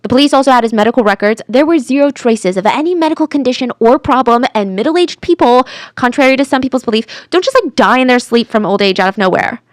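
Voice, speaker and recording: A chatty woman tells a true crime story in a lively, casual way, and now and then drops to a whisper for effect. Her voice is a little high and sits close and dry, with no room sound. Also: fast talker, few pauses, no echo.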